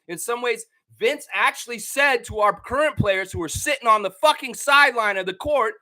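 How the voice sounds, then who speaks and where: High, bright-voiced angry ranting man. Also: normal speed. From Canada. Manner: angry, profane, heated ranting. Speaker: basketball fan show host. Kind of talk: ranting commentary.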